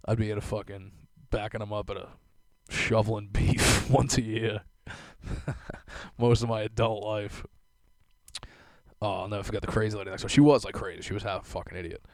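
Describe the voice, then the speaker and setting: A man's voice: on the low side, little pitch movement, normal speed, dry recording. A young man telling rambling stories in a casual monologue, swearing often and laughing to himself. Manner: profane, rambling, laughing asides. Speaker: solo vlogger.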